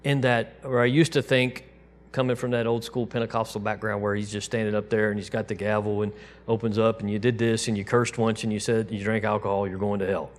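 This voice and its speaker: A man preaching a sermon to his congregation in a relaxed, conversational way, dropping to a soft, quiet voice when he quotes God. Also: lowish voice, a little fast, few pauses, a little hiss or hum. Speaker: pastor.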